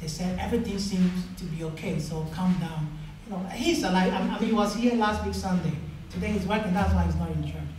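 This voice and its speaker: A man preaching a sermon as pastor, telling stories and acting out the dialogue with rising pitch. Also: brisk, darkish tone, far from the mic, a little hiss or hum. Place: church. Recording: echoey church hall, mic from afar.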